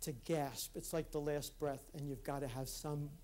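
A man giving an earnest, reflective talk at a conference, speaking in a halting way with restarts. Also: fairly high pitch, steady tone, a little mellow. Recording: live talk in a hall.

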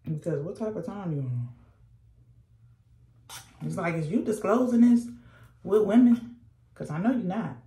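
A woman's voice: fairly low pitch, animated, a little slow, long pauses, warm tone, reverberant. A young woman, telling a sassy, slangy storytime while doing her makeup at home. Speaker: vlogger. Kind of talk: casual storytime chat.

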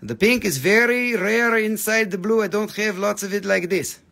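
A man's voice: high-pitched, moderate pace, gravelly, bright, forceful tone, voice pushed up, heavily acted. A man putting on a fake accent as a pushy gem seller, speaking hammy broken English. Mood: hamming.

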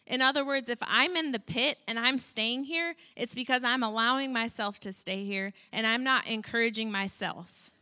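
Bright-voiced woman preaching conversationally. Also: a little high, moderate pace, few pauses. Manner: conversational, animated preaching with fillers. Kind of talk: sermon. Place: church.

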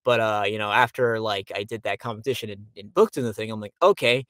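A man's voice: lowish voice, steady tone, fast talker, fairly bright tone, no room sound, clean studio sound. A young man from Miami, a voice actor, chatting casually in an interview with lots of fillers and frequent laughs. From Miami, Florida. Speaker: voice actor guest.

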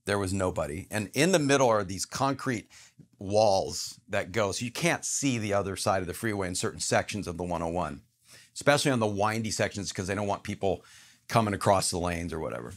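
A man's voice: deep voice, a little fast. A man, a guest actor, telling an earnest personal story in casual conversation, emphatic and acting out the voices in it. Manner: earnest, emphatic, acts out quotes in his story.

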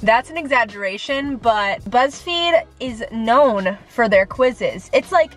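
A young woman with a fairly high voice chats to camera in a rambling, self-deprecating way, nervous and sweaty. She talks from a room at home with faint music underneath. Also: animated, slow. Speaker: vlogger. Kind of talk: casual chat to camera.

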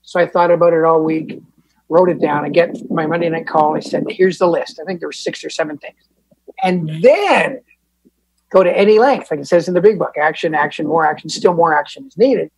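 Husky-voiced man telling his story. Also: on the high side, brisk, no echo, poor audio. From Canada. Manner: casual, candid, self-deprecating, with fillers and restarts. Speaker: Al-Anon speaker. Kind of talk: personal recovery storytelling.

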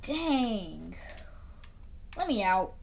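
Woman, casual gameplay talk, talks to herself, very lively pitch. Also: very slow, creaky, slight background noise. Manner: chatty, talks to herself, repeats phrases. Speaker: gameplay video creator.

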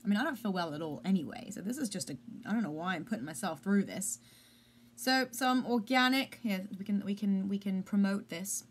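A woman's voice: mid-range voice, a little fast, slight background noise. A woman chatting casually in a home vlog, rambling and self-deprecating, with a squeamish streak. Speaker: vlogger. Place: home room.

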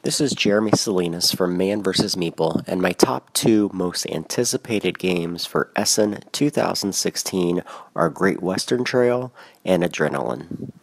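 A man leaving a measured recorded message as a guest. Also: sits low, lively intonation, creaky, no echo, rough recording. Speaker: guest contributor.

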